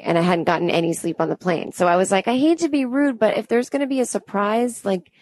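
A woman's voice: mid-range voice, no room sound. A woman in her thirties tells a comedic story and slips into the voices of everyone in it. Her asides are chatty. The mic is close and dry, with no room sound. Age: 30s. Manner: acts out both sides of the dialogue with chatty asides.

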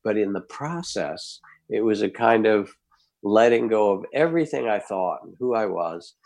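An older man, a guest, telling a personal anecdote in an animated way and acting out the scenes. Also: on the low side, normal speed. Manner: animated storyteller, acts out scenes. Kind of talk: anecdotal storytelling.

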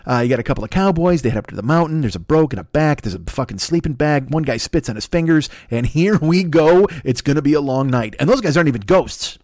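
A man's voice: on the high side, animated, fast talker, few pauses, a little mellow, no room sound, studio quality. An older man hosting a solo podcast, rambling through crude, self-mocking riffs into a desk mic plugged into a laptop. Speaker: podcast host. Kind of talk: profane solo podcast monologue.

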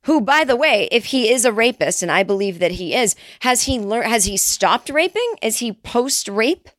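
A woman hosting a comedy podcast, ranting in a sarcastic, profane monologue and jumping into high mocking voices when quoting others. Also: very animated, moderate pace, fairly bright tone, no room sound, clean studio sound. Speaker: podcast host.

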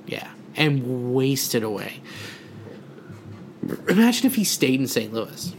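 A young man co-hosting a casual sports podcast, riffing jokes and roasting players with quick laughs. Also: medium pitch, big pitch swings, a little hiss or hum. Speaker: podcast co-host. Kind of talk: casual comedic roast chat.

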